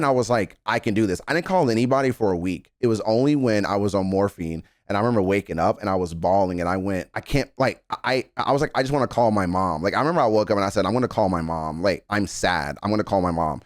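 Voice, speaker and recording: A man in his thirties talks through a song reaction with raw, earnest emphasis, his voice sitting fairly low. He swears freely and leans hard on his points. The sound is dry and close, with no room around it. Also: lively intonation, fast, no room sound. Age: 30s. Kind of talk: emotional reaction commentary.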